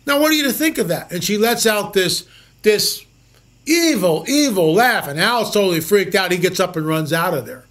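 A man with a notably high voice tells stories as the host of a show. He talks emphatically, doubles back on words and throws out rhetorical questions. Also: lively intonation, fairly quick, a bit bright. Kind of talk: storytelling monologue.

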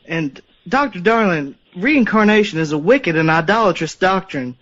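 A man's voice: high-pitched, lively intonation, moderate pace, fairly bright tone. A man calling in to a radio show to preach his disapproval, pointed and stern. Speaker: caller. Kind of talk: call-in comment. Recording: muffled phone-in audio.

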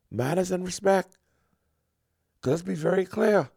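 Preachy high-voiced man, gravelly. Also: lively intonation, unhurried, a little mellow, no echo, studio quality. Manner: preachy, emphatic, mock-sermon tone with repetitions. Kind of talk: comic lecturing monologue.

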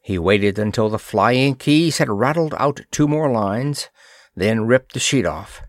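A man's voice: medium pitch, unhurried, no room sound, clean studio sound. Male storyteller reading pulp fiction. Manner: steady storytelling read. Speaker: narrator. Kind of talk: scripted narration of a pulp science-fiction story.

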